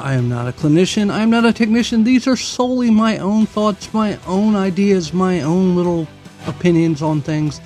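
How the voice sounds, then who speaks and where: A man's voice: fairly high pitch, darkish tone. A man hosting a solo podcast, ranting bluntly and heatedly with plenty of swearing. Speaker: podcast host.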